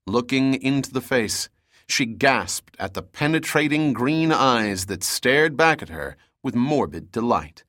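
Male audiobook narrator, mid pitch, steady thriller read, dead-dry booth. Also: measured pace, no echo.

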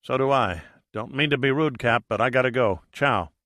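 A man's voice: mid-range voice, moderate pace, a bit bright, no room sound, studio quality, natural voice. Man voicing a cool wry male diver. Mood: steady.

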